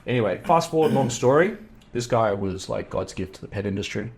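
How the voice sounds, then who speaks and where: A middle-aged man with an Australian accent, a podcast guest telling a story in a casual, animated way, acting out the voices of the people he quotes. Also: lowish voice, fairly quick, creaky, slight background noise. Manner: animated, acts out quoted dialogue.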